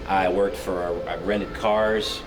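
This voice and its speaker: A man's voice: low-pitched, slow pace. A man, a comedian, chatting casually and self-deprecatingly in an interview. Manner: relaxed, rambling, self-deprecating.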